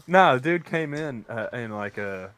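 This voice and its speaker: A man's voice: medium pitch, animated, a little slow, a bit bright, dry recording. A man co-hosting a casual podcast chat, rambling through stories with many restarts. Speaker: podcast co-host; convenience store worker.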